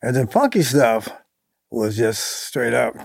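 An older man being interviewed about his band's music, talking haltingly with many ums and you-knows. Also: medium pitch, sing-song, vocal fry, a little mellow, breathy edge, no room sound. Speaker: musician guest. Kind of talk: casual interview talk.

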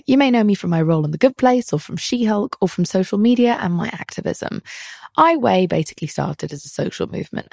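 A woman's voice: on the low side, vocal fry, a little mellow, no echo, studio quality. A woman reading an upbeat, earnest promo for her own podcast. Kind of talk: scripted promo read.

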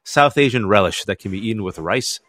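Animated storytelling man, dry close mic. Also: lowish voice, a little fast, no echo. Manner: animated storyteller, laughs often. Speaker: author and guest. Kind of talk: radio interview.

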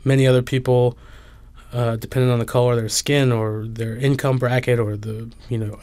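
A man's voice: medium pitch, little pitch movement, fairly quick, a little mellow, no room sound. A man, a book author, answering interview questions thoughtfully with many fillers and restarts.

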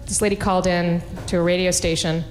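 A woman performing a stand-up set in a wry, conversational way with quick asides. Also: lowish voice, little pitch movement, long reverb tail, slight background noise. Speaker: stand-up comedian.

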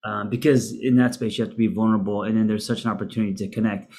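A man's voice: fairly low pitch, rapid-fire. A man co-hosting a podcast, giving casual relationship advice with frequent fillers and restarts. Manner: relaxed, hesitant with fillers and restarts. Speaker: podcast co-host.

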